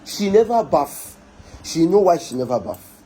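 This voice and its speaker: A man's voice: fairly high pitch, very animated, measured pace, mellow, slightly rough, rough recording. A man with a Nigerian accent giving a heated online rant, scolding and exasperated, repeating himself again and again.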